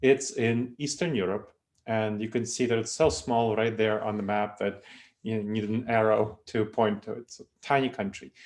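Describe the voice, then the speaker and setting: A man in his thirties from Moldova, with a Moldovan accent, giving an online presentation in a lively, self-deprecating lecturing way with frequent restarts. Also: on the low side, moderate pace. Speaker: webinar presenter. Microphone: video call.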